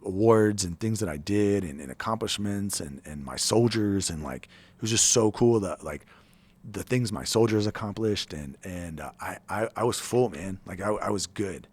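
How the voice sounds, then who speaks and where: Low-pitched man in his forties, blunt profane veteran rambling through a story in an interview. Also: animated, normal speed, breathy edge. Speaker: podcast guest, army veteran.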